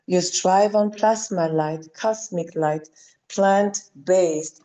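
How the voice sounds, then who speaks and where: A woman leading a live spiritual clearing session, speaking in commanding incantations and soft, coaxing asides. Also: fairly low pitch, extremely slow, muffled recording, slight background noise.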